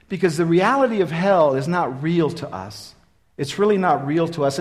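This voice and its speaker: A man in his fifties preaching a sermon, telling his own story in an earnest, repetitive way that swings from loud emphasis to quiet. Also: a little high. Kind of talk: sermon with personal testimony.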